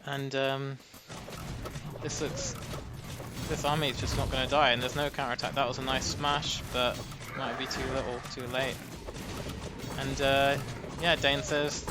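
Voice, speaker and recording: A man's voice: mid-range voice, normal speed, over loud music. A man giving casual, chatty live commentary on a strategy game match. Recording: steady background noise.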